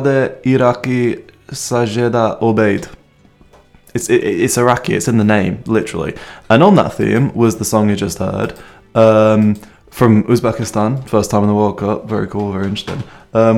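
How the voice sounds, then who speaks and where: A man's voice: on the low side, creaky, a little mellow. A man hosting a music show, introducing songs in a rambling, hesitant way with lots of ums and self-mocking asides, talking into a microphone with headphones on. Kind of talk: casual radio-style song introductions.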